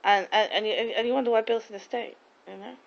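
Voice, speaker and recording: A woman's voice: a little high, steady tone, fast, creaky, slight background noise. A woman in casual chat, telling rambling, gossipy stories full of restarts. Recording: dull lo-fi recording.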